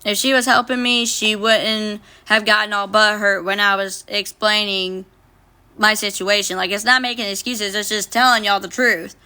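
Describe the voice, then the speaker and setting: Her voice is medium in pitch, sharp yet clear and resonant, with fairly even intonation and a moderate pace. During a casual phone livestream, this young woman reads viewer comments aloud and talks back bluntly, swearing a lot.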